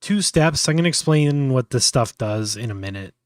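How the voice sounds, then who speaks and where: A man's voice: medium pitch, lively intonation, moderate pace, no room sound, clean studio sound. A man hosting a casual live tutorial, thinking aloud with many fillers and restarts. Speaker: host.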